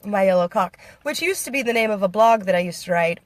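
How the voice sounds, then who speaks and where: A woman's voice: medium pitch, lively intonation, fast talker, no room sound. Giggly American woman vlogger. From United States. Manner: giggly and playful, laughs often. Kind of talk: casual chat to viewers, reading comments.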